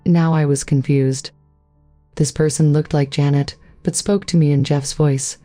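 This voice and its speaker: Woman reading a story out loud, kinda low and mellow, dry mic, soft music behind. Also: steady tone, measured pace, no room sound. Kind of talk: scripted story narration.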